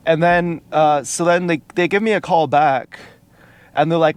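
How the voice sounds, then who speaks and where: A man telling a personal story in a casual vlog, rambling and halting, with many fillers and restarts. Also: fairly high pitch, smooth. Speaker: vlogger. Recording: noisy outdoor street recording. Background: car and street noise.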